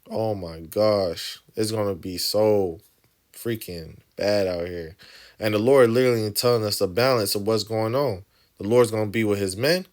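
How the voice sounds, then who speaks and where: Low-voiced man teaching scripture. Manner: emphatic, keeps asking "right?" after each point. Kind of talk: informal bible teaching, reading verses aloud with commentary.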